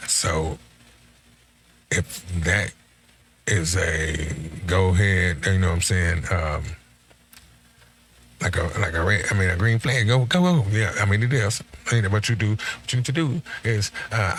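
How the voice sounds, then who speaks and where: A man's voice: fairly low pitch, moderate pace, a bit bright. A middle-aged man telling a story in a casual, slangy way, quoting himself and his friend as he goes. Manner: laid-back, slangy, quotes himself and his friend in conversation.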